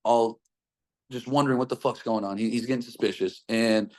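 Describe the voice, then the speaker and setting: A young man with a mid-pitched voice tells a personal story. His talk rambles, full of fillers and constant swearing. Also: fairly even intonation, brisk, darkish tone.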